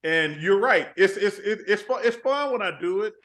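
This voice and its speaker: An older man with a drawl tells lively stories as a talk show guest. He keeps quoting himself and other people as he goes. His voice sits a little high for a man. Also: moderate pace. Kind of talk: casual phone interview.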